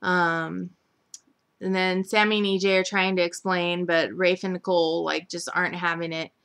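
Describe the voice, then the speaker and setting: A woman's voice: fairly low pitch, little pitch movement, moderate pace, a bit bright, clean tone. A young woman chattily recapping a soap opera week, full of "like" and "um" fillers, briefly mimicking the characters. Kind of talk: casual recap chat.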